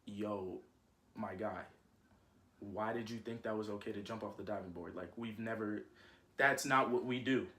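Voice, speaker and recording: A guy putting on his stern mom, voice dropped way low and quiet, scolding her kid hard, bright tense edge still in it. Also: moderate pace, roomy sound, close to an everyday voice. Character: stern mother scolding her young son.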